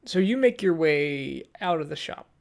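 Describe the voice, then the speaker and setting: A man narrates a tabletop game as its game master, his voice gravelly at the edges. He describes the scene at an easy pace, stopping now and then with an um or uh to find the next words. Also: a little high. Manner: relaxed, pauses with ums and uhs while describing scenes.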